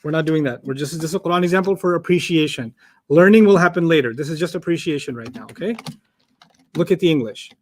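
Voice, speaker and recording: A man teaching an Arabic lesson to a class, explaining word order with lively made-up examples and questions to the students. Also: fairly high pitch, fast. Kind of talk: classroom lecture.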